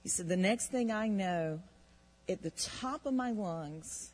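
A woman co-hosting a faith show, telling an animated testimony story and often repeating words when excited. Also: mid-range voice, slow pace, low-quality recording. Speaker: ministry show co-host.

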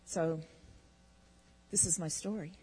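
A woman co-hosting a faith show, telling an animated testimony story and often repeating words when excited. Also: fairly low pitch, takes it slowly, a little hiss or hum, rough recording. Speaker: ministry show co-host.

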